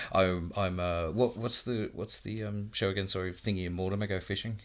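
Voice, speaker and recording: Deep-voiced man chatting casually. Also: fairly even intonation, moderate pace, a bit bright. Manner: rambling, laughs often, swears casually. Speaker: podcast co-host. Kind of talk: casual film chat.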